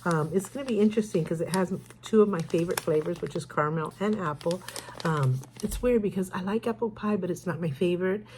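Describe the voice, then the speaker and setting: A woman's voice: on the low side, fast talker, a little mellow, a little hiss or hum. Chatty older woman rambling through a haul. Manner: rambling, chatty, self-correcting. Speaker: haul vlogger. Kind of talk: casual haul vlog chat.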